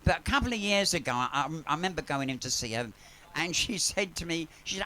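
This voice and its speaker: A man's voice: a little high, big pitch swings, a little fast, bright, forceful tone. A man doing drag comedy on a pub stage, telling bawdy, camp stories and laughing at his own jokes into a stage mic. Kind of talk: live comic storytelling. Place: pub stage, live audience. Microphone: handheld stage mic via sound desk.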